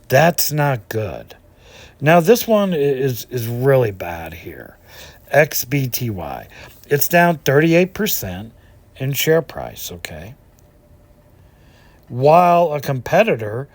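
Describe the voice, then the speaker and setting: Man, finance host, indignant commentary, lively pitch, dry close sound. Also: no room sound. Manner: animated, indignant, rhetorical questions. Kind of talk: casual commentary over stock charts.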